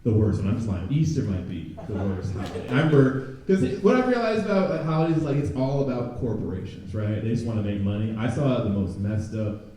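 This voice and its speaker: A young man performing a stand-up comedy set, chatting with the crowd and jumping into loud mocking voices. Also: on the low side, animated, fast, slight background noise. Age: young adult. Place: comedy club stage before a live audience. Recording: very echoey room, from a distance.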